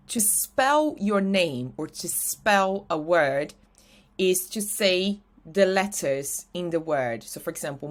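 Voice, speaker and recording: A young woman from Brazil with a Brazilian Portuguese accent, a native Portuguese speaker teaching an English lesson with slides and slowing down to spell letters out clearly. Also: fairly low pitch.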